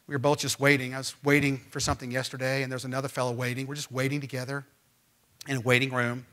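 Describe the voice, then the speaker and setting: A man preaching a sermon as pastor, emphatic and swinging from loud, rising lines to quiet ones. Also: mid-range voice, little pitch movement, fast talker. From Missouri. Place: church.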